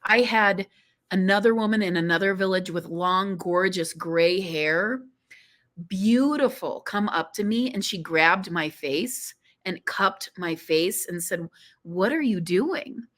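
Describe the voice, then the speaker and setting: A woman guest on a podcast telling a personal story in an animated, emotional way, often saying "you know". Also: fairly low pitch, measured pace.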